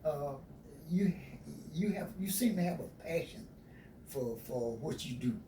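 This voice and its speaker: A man interviewing guests, halting and repeating words while encouraging them. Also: on the high side, expressive, warm tone. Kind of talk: community talk show interview. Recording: roomy, distant, noisy.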